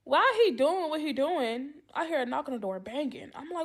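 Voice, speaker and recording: A woman's voice: high-pitched, lively intonation, fairly quick. A woman podcast co-host, telling a story in a dramatic, profane way and acting out the dialogue. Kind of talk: animated storytelling, casual chat.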